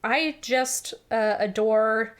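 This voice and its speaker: A young woman co-hosting a podcast, chatting casually and rambling excitedly about a story she loves. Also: a little high, slow pace. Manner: rambling and excitable, acts out characters' lines. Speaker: podcast co-host. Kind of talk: casual fan chat.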